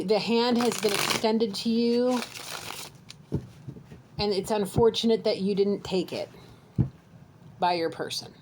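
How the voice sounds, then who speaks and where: A woman's voice: mid-range voice, background noise. Earnest woman giving a psychic reading. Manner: earnest, direct, repeats "okay?" to the viewer. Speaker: psychic reader. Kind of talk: channeled tarot-style reading to camera.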